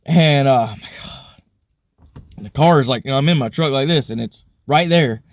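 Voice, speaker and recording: Man, earnest rambling testimony, middle-pitched voice, dry close sound. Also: moderate pace, dry recording. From Alabama. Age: adult, married with kids. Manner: rambling, earnest, heavy on "you know". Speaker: vlogger sharing a faith testimony. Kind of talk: casual spoken testimony.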